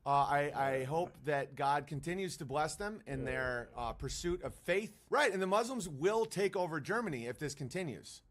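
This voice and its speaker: A man's voice: a little high, animated, normal speed, hardly any pauses, a bit bright. A man streaming a profane, mocking rant, breaking into sarcastic impressions. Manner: mocking, profane, jumps into sarcastic put-on voices. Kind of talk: profane ranting monologue.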